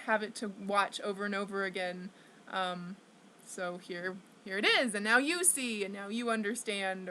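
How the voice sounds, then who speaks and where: A woman's voice: medium pitch, pushed and bright. A young woman venting to her camera, rambling with constant fillers and swearing, stressed and upset. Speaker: vlogger.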